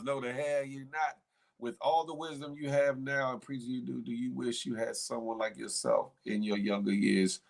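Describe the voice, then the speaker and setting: A man's voice: medium pitch, gravelly. Laughing, slangy male stream host. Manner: playful banter, laughs often, drawling slang. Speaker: show host. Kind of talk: casual live-stream chat reading comments.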